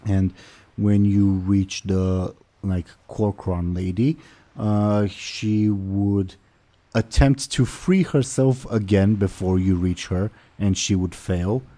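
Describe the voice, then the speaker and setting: A man with a low, mellow voice runs a tabletop game as game master. He narrates in the third person and describes what each character does. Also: takes it slowly.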